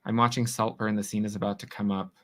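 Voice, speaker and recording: Streamer guy from New York, bright tone, chatty and teasing with his viewers. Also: fairly low pitch, little pitch movement. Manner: chatty, teasing, quick reactions to chat. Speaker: livestream host. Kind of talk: casual livestream chat reading comments.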